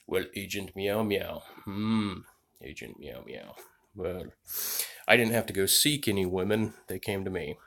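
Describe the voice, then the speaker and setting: A low-pitched man spins a long travel tale, jumping between tangents and swearing freely. He talks casually to the camera and keeps circling back to his point. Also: lively intonation, a little slow, creaky, a bit bright. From United States. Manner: digressive, profane, loses his train of thought. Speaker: vlogger. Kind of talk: rambling travel story.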